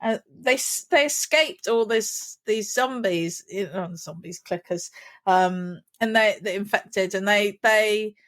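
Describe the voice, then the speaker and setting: A woman's voice: mid-range voice, slow, a bit bright. A woman, co-hosting a podcast, talking emotionally in a rambling way. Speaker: podcast co-host. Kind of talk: casual chat.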